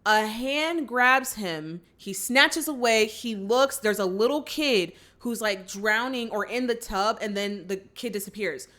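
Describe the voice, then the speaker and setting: A woman's voice: a little high, measured pace, few pauses, pushed and bright. Chatty woman recapping a movie. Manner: chatty storytelling with acted-out quotes and many "like" fillers. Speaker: movie reaction host.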